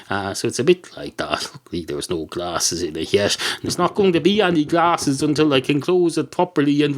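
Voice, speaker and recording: A podcast host rambling through a comic monologue, his pitch swinging lively up and down. He digresses constantly, hesitates with frequent filler sounds and swears casually.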